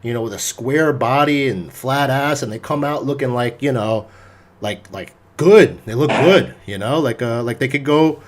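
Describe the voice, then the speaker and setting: Profane, animated man telling a story. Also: mid-range voice, normal speed, noisy background. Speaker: podcast host. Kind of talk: casual storytelling chat.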